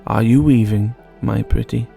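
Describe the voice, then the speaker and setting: A man's voice: medium pitch, steady tone, moderate pace, creaky, warm tone, faint music behind. A man voicing a wicked, hungry old witch in a told fairy tale, speaking with a falsely sweet manner. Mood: scheming. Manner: sugary sweet when scheming.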